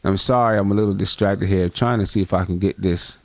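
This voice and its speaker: A man with a fairly low voice hosts a live postgame fan stream, talking straight to his viewers in an easy, chatty way. He is picked up close on a dry computer mic with no room sound. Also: steady tone, brisk, no room sound. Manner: chatty, addresses viewers directly. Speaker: fan livestream host. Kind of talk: live postgame basketball talk.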